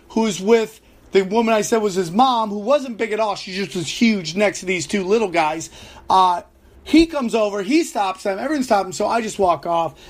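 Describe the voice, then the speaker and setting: A man who does stand-up tells a story about his gig in a loose, profane podcast rant. His voice sits high for a man, and he keeps it animated and swearing, full of "like" and restarts. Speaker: stand-up comedian and podcast host. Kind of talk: ranting podcast monologue.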